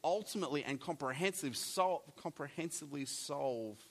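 A man preaching a sermon, animated, with jokey asides and big swings between loud and soft. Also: fairly high pitch, normal speed, vocal fry. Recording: long hall reverb.

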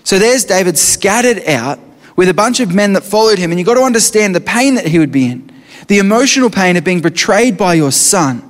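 Man, preacher, sermon, high voice, long hall reverb. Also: lively intonation, a little fast. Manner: earnest, reads scripture aloud with rising intensity.

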